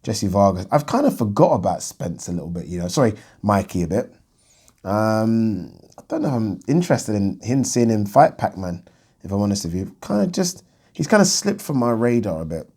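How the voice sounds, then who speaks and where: Man, low voice, dark mellow tone, casual boxing news chat, thinks aloud. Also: sing-song, normal speed, slightly rough. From United Kingdom. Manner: chatty and blunt, thinking aloud with frequent ums. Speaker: boxing channel host.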